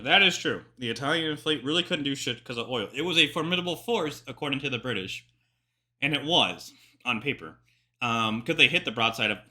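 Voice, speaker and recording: A man gives profane, loose commentary on a documentary he is watching. His voice is bright and forceful, and his pitch rises and falls widely as he gets animated. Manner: profane, animated, digressive explainer. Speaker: military history reaction host. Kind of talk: casual commentary reacting to a documentary.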